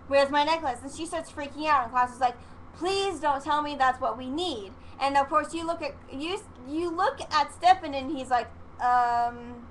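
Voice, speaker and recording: A young woman with a high, bright voice rattles through an episode recap, rambling and excitable, dropping casual swears and acting out what the characters say. Her chatty vlog is recorded with a faint hiss of background noise behind her. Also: poor audio. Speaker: vlogger reviewing a TV episode.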